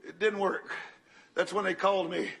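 An older man preaching a sermon, telling a story dramatically and swinging from loud bursts to hushed tones. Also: sits high, level tone, moderate pace, creaky, husky.

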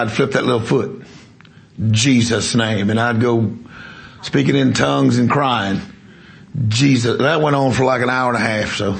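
A man's voice: mid-range voice, vocal fry. A man preaching a sermon, telling a story with emphasis and quizzing the congregation. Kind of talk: sermon with testimony.

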